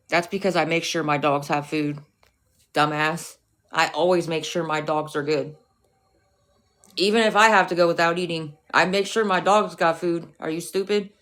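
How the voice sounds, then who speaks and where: A woman's voice: deep voice, steady tone, unhurried, long pauses, a bit bright. Profane, confrontational woman livestreamer. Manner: profane, confrontational, scolding chat. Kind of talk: casual livestream rant.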